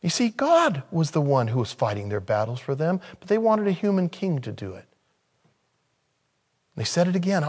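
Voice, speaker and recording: A man preaching a sermon in a conversational way, with sudden loud, high-pitched bursts of emphasis. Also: huge pitch swings, normal speed. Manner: conversational, thinking aloud. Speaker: pastor.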